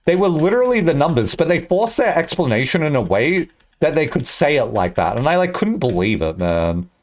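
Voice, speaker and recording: A young man chatting casually on a live stream, rambling and joking with bursts of excitement. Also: fairly high pitch, fairly quick.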